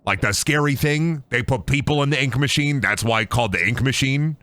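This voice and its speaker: Here the gaming streamer's voice sits at a medium pitch, quick and fairly bright. He chats casually during gameplay, mixing jokes and swearing with silly sing-song voices.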